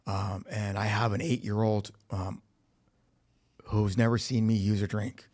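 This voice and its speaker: Here the voice is on the low side and a little mellow, unhurried, with little pitch movement. A man recounts his recovery at a meeting in a recovery facility room, giving frank personal testimony full of swearing and dramatized quotes.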